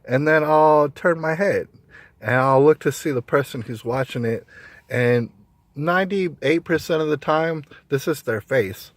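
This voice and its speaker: A man's voice: fairly high pitch, measured pace, no echo. A man talking straight to camera in an opinionated monologue, emphatic, often repeating points and restarting sentences. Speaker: vlogger.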